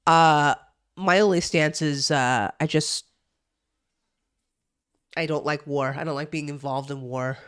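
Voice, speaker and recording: A woman's voice: deep voice, steady tone, measured pace, pauses often, smooth, dry recording, clean studio sound. A young woman from New Jersey chatting casually on a live stream, swearing freely and reacting to chat. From New Jersey, USA. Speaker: streamer reading the news.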